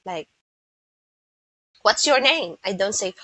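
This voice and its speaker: A Filipino woman teaching English pronunciation, who speaks slowly and repeats words so listeners can copy them. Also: fairly high pitch, animated, pushed and bright, no room sound, rough recording. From Philippines. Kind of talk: pronunciation lesson.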